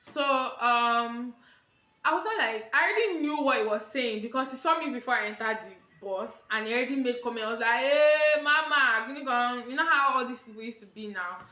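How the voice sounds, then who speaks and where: A young woman with a Nigerian accent recounts a story on her vlog, with lively acted-out quotes. Her voice sits high and bright. It rings off the walls of a roomy, echoey space. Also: brisk. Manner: animated storytelling, acting out quotes in Pidgin and Yoruba. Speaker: vlogger.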